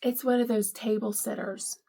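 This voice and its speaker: A woman's voice: on the high side, level tone, normal speed, vocal fry, mellow. A middle-aged woman in a casual home vlog, unboxing gifts and gushing with delight, often repeating how much she loves each item. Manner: gushing, delighted, lots of "I love it".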